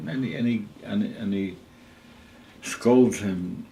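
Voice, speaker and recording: An elderly man in his eighties, a rabbi telling a story at a gathering in a lively, chuckling way, sprinkling in Yiddish words. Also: on the low side, slow, low-quality recording. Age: 80s.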